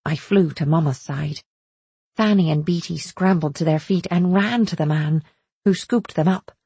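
A woman reading a first-person story as an audiobook narrator, steady and measured. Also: deep voice, breathy edge, no echo.

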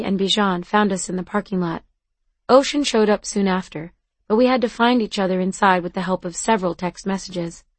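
A woman's voice: mid-range voice, dry recording. Audiobook narrator, woman, earnest and conversational first-person telling, dry booth sound.

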